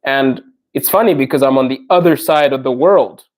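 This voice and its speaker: A man's voice: medium pitch, moderate pace. A young adult man hosting a casual livestream podcast, reading viewer comments and chatting with viewers in a friendly, talkative way. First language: not Russian; learning Russian. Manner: friendly, chatty, laughs often, addresses viewers directly. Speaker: podcast host reading live chat comments.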